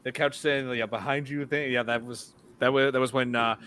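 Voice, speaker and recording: A man's voice: medium pitch, fairly even intonation, normal speed, fairly bright tone, slight background noise. A man hosting a podcast, chatting casually and enthusiastically about horror films, rambling with restarts. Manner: rambling, enthusiastic film fan. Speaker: podcast host. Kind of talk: casual chat.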